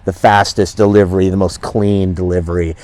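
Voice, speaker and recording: A man's voice: low voice, level tone, a little fast, darkish tone, no echo. A man hosting a talk radio show, boastful and swaggering, with a rambling, profane delivery. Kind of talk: brash comedic talk radio rant.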